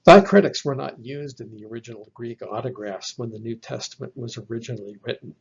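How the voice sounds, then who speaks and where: A man teaching a class from slides, speaking slowly and carefully and spelling out letters one by one. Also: medium pitch, creaky, breathy edge. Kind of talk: slide lecture on Greek. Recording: dull lo-fi recording.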